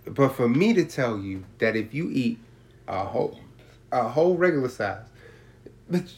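Guy talking street slang, swears a lot, gets animated telling stories, normal pitch. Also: normal speed, pauses often. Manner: slangy, profane, streetwise talk; animated storytelling with acted-out quotes. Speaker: seller explaining prices. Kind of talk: casual chat.

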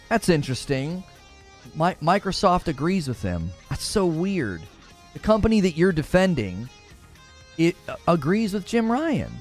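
A man streaming heated gaming commentary, sarcastic and animated, mocking viewers in put-on voices. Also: sits high, a little slow, faint music behind.

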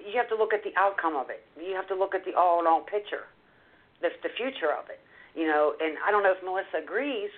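A woman's voice: fairly low pitch, quick pace. Woman storyteller on a tinny phone line. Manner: animated, retells scenes step by step. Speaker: guest author. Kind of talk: emotional storytelling in a call-in talk.

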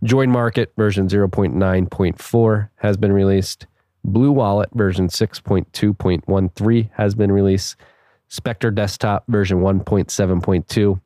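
Very deep-voiced man in a dry booth. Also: mellow, no room sound. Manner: joking, laughs often, trails off with fillers. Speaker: podcast co-host. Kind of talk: casual podcast chat, reading news.

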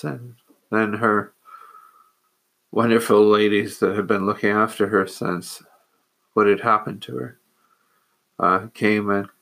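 A man, a monk, telling a personal story in a measured, earnest way with hesitant pauses. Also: fairly low pitch, sharp tone.

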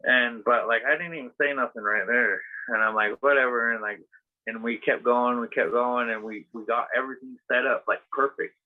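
A man's voice: mid-range voice, steady tone, normal speed. A man telling a rambling story casually as a podcast host, full of fillers and swearing. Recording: tinny phone-like sound.

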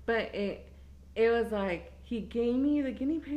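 A woman telling a story in a casual podcast chat, animated and squealing when she quotes herself. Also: fairly high pitch, unhurried.

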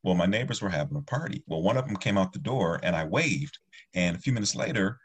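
A man's voice: low voice, expressive, quick pace, husky. A man who teaches martial arts, talking earnestly in a rambling, casual discussion with many restarts.

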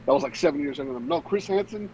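A man's voice: a little high, animated, rapid-fire, darkish tone, lo-fi sound, a little hiss or hum. A young man co-hosting a podcast, telling a story in casual, swearing chat and laughing often. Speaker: podcast co-host.

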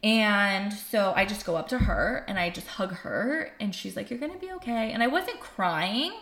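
A woman candidly telling a painful personal story, animated and emotional, acting out what others said. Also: mid-range voice, unhurried. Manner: emotional, animated, acts out quoted voices. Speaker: podcast guest telling her story. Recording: roomy echo.

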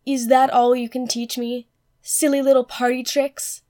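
A woman's voice: sits high, level tone, a little slow, darkish tone. A woman voicing a haughty, proud young girl heiress with scornful, sulky retorts in a fan audiobook reading.

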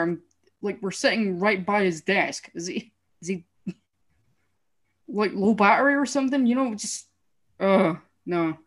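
A woman's voice: medium pitch, expressive, moderate pace, long pauses. A woman telling school stories in casual chat, laughing often as she talks.

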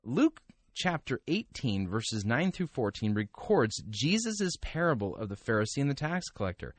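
A man's voice: medium pitch, sing-song, moderate pace, husky, no echo. A man hosting a podcast, talking casually with wry, sarcastic asides and frequent restarts. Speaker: podcast host. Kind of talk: casual commentary and reading aloud.

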